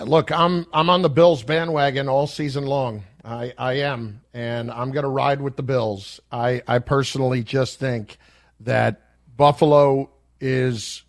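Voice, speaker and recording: A man's voice: medium pitch, no room sound, clean studio sound. A man giving confident football picks as an analyst on a sports talk show.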